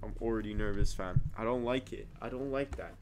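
A young man hosting a reaction video, talking back to the screen with excitable outbursts and mumbled asides. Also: on the low side, a little fast, background noise. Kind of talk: casual reaction commentary.

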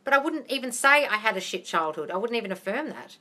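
Australian woman, bright voice, blunt and sweary live Q&A host who calls people darling. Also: on the high side, lively intonation, quick pace. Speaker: manifesting coach hosting a live Q&A. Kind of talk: casual live Q&A.

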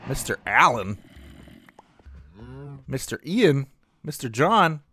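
A man's voice: medium pitch, very animated, takes it slowly, bright, forceful tone. A man hosting a gaming channel, thinking aloud in casual gameplay commentary with plenty of fillers and trailing thoughts.

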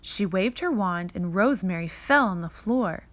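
A woman reading a children's picture book aloud in a slow, expressive read-aloud manner. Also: medium pitch. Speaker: reader.

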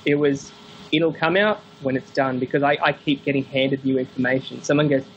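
A man, a podcast guest and book author, telling stories in a casual interview, animated and acting out quoted voices with frequent laughs. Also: mid-range voice, fairly quick. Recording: dull lo-fi call audio with faint hiss.

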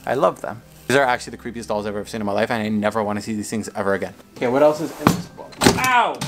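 A young adult man hosting a casual unboxing vlog, excitable, reacting loudly and swearing. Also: on the low side, racing. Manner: excitable, swears and yelps when hurt. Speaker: YouTube host.

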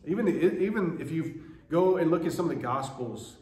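A man's voice: fairly high pitch, animated, moderate pace, darkish tone. A man preaching a sermon as pastor, telling stories with animation and acting out quoted voices. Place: church sanctuary. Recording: echoey church room, faint ambience.

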